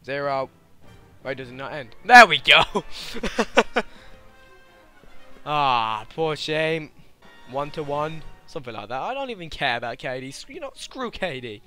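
Excitable young man gaming. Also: medium pitch, normal speed, faint music behind. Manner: excitable, laughs often, shouts at the game. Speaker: gaming YouTuber. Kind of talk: gameplay commentary.

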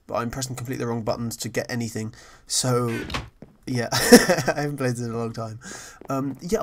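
A man's voice: mid-range voice, slight background noise. A man giving casual, rambling commentary over his own gameplay, chatty, apologetic and self-deprecating. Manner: frequently apologetic. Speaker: gaming channel host.

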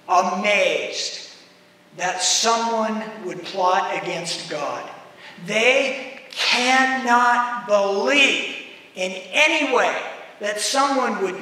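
An American man preaches a sermon, reading scripture slowly and acting out its voices with animation. His voice sits high and bright. He is recorded from a distance in a large, reverberant hall. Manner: animated, acts out voices in the text. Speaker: pastor. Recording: echoey hall, mic from far off.

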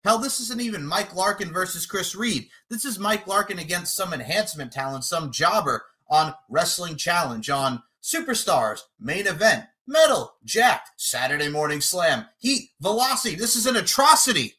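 A man cutting a boastful, profane wrestling trash-talk promo, taunting his opponent and breaking into shouted lines. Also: high voice, very animated, moderate pace, few pauses, breathy edge. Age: adult, podcasting eight years. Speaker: podcast promo contestant.

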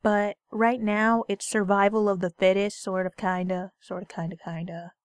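A woman's voice: medium pitch, little pitch movement, moderate pace, no room sound. A woman giving casual gaming commentary, bantering playfully and sarcastically with the character on screen. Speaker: let's play gamer.

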